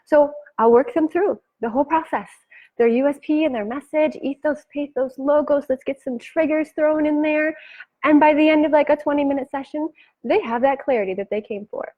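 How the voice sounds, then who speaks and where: A woman coaches her viewers in a lively, chatty way, slipping into the voices of her clients and laughing along the way. Her voice sits a little high. The stream audio is dull and lo-fi. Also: a little fast. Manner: chatty and animated, acts out client quotes, laughs often. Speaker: business coach. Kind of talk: live-streamed coaching talk.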